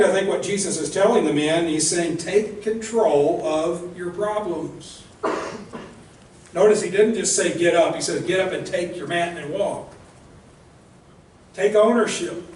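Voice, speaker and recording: Male minister, earnest and direct sermon delivery, slightly high voice, heavy room echo, mic a bit distant. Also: slight background noise. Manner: earnest, direct, asks rhetorical questions. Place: church sanctuary.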